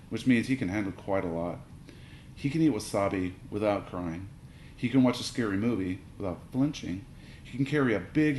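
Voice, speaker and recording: A man narrating a children's story aloud in an animated, playful way. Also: on the low side. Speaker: audiobook reader. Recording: roomy reading with faint hiss.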